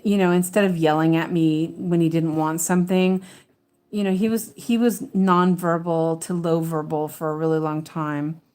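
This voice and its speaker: A woman's voice: on the low side, a little mellow. A woman chatting casually at home as she stitches, rambling with many fillers and restarts and muttering to herself as she checks her work. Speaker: cross-stitch vlogger. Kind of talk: casual chat while stitching.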